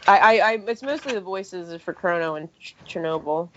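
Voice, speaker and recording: A woman's voice: fairly low pitch, animated, normal speed, a bit bright, slight background noise. A woman artist guesting on a podcast, chatting casually and painting while she talks. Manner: chatty, laughs often, painting while talking. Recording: dull, muffled sound.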